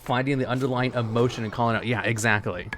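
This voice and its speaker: A man's voice: mid-range voice, steady tone, quick pace, a bit bright, slight background noise. A male streamer chatting casually with his viewers while he plays, in a laid-back, rambling way with lots of "like" and "you know". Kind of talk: casual chat while gaming, answering chat.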